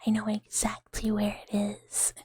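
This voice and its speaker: A young adult woman streamer in a whispered ASMR chat, rambling playfully in soft unvoiced whispers and giggling. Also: medium pitch, completely flat delivery, a little slow, breathy edge, dry recording.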